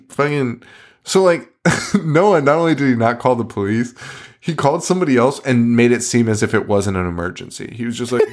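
A man's voice: mid-range voice, expressive, normal speed. A man hosting a podcast, recapping a movie in casual chat, swearing often and laughing in disbelief. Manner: profane, laughing, incredulous storytelling. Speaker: podcast host.

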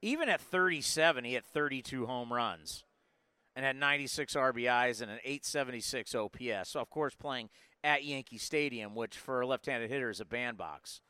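Bright, clear-voiced man in his forties. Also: mid-range voice, moderate pace, dry recording. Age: 40s. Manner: energetic, rambling, with frequent asides. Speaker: sports podcast host. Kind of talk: casual live sports talk.

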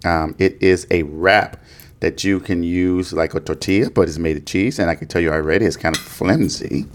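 A man hosting a podcast in casual chat, relaxed and joking. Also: sits low, normal speed. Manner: relaxed, laid-back, joking. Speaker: podcast host.

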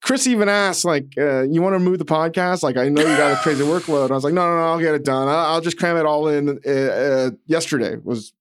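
A man on a casual podcast who rants in a fairly high voice, cursing freely and sounding comically exasperated. His pitch jumps up sharply as he works himself into mock outrage. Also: fairly quick, few pauses, slight background noise. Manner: animated, profane, comically exasperated ranting. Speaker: podcast co-host.

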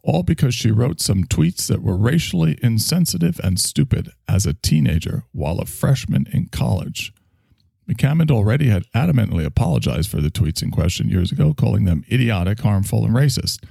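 A man with a New York accent hosting a sarcastic solo podcast, reading articles and mocking them with deadpan asides. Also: a little fast, creaky, husky, no room sound, clean studio sound. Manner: mocking, deadpan asides and sudden shouty pitch jumps. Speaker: podcast host.

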